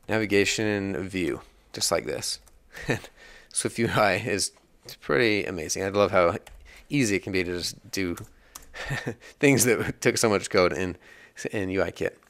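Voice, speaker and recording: A man's voice: lowish voice, a bit bright, no room sound. A man hosting a casual coding tutorial, chatting and rambling as he works, laughing at bugs along the way. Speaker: iOS developer tutorial host.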